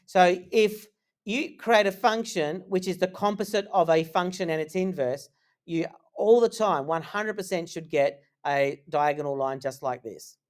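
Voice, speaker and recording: A man's voice: sits high, a little slow. A man teaching a live maths lesson in a classroom, talking in a casual, joking way.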